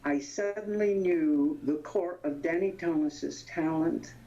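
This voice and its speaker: An older woman in her eighties with a low voice reminisces as an interview guest. She tells stories animatedly, laughs often and pauses to hunt for names. The sound is dull and lo-fi. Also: mellow. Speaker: interview guest, veteran actress. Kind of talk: anecdotal reminiscing.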